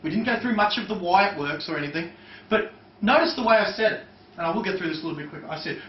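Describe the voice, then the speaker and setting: A man with a high voice leads a live workshop and talks through it in a loose, conversational way, full of fillers. He sounds far from the microphone in an echoey room, and the recording is dull and lo-fi with faint noise behind him. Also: expressive, rapid-fire. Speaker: seminar trainer. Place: seminar room with a live audience.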